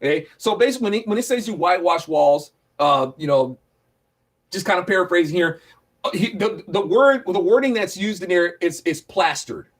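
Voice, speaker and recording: Guy with a high voice running a bible study, jokey, acts out the scenes. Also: animated, moderate pace. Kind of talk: casual Bible teaching.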